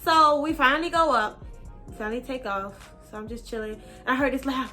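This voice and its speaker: A young woman casually telling a personal story on her vlog, slangy, animated and now and then profane. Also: sits high, brisk, music in the background. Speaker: vlogger.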